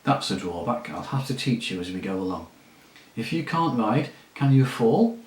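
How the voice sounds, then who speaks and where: A man reading aloud, voicing a proud male talking war horse with a brisk, commanding, scornful manner. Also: fairly low pitch, big pitch swings, echoey room, poor audio. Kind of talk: audiobook reading.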